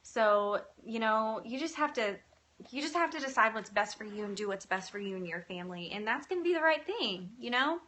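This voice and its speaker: A woman hosting a live video, speaking in an earnest, gentle and encouraging way as she reads viewer comments. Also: a little high, lively intonation, brisk. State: tearful at times. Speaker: faith-based live video host. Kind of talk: live-stream talk, reading comments.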